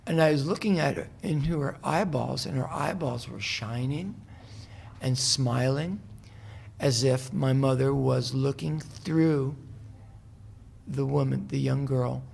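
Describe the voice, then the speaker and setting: A man talking as a guest in a casual interview in a hotel room, telling a long story in a soft-spoken, meandering way with frequent restarts. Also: mid-range voice, a little slow, vocal fry, slightly rough. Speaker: musician guest.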